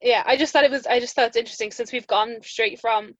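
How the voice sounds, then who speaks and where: A woman's voice: fairly high pitch, fairly even intonation, quick pace, muffled recording. A young woman with an Irish accent, chatting casually and telling stories full of "like" fillers and laughter. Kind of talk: casual chat.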